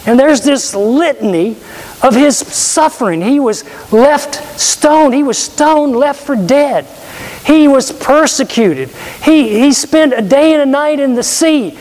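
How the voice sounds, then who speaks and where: A man's voice: very high voice, expressive, takes it slowly, darkish tone. A man preaching a sermon, earnestly quoting scripture and asking rhetorical questions. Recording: long hall reverb.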